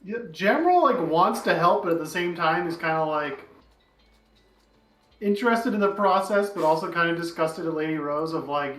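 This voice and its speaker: A man's voice: a little high, animated, moderate pace, fairly bright tone. A man playing at a tabletop game, casual and joking. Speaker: player. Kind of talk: tabletop role-play chat. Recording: echoey room.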